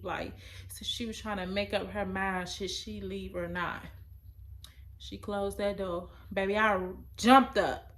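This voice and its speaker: A young adult woman, telling a personal story in a casual, emotional, halting way. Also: mid-range voice, fairly bright tone.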